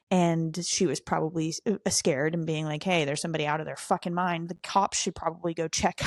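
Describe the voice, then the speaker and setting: A woman's voice: mid-range voice, darkish tone, no room sound, clean studio sound. A young woman hosting a podcast, telling a wild personal story in a candid, profane, self-mocking way. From southern United States. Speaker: podcast host. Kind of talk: casual storytelling.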